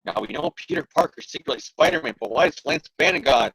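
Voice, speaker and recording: A man's voice: mid-range voice, lively intonation, fast, creaky, hardly any pauses, fairly bright tone, breathy edge, no echo, poor audio. A man co-hosting a casual comic-book discussion, jokey and full of profanity. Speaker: podcast co-host.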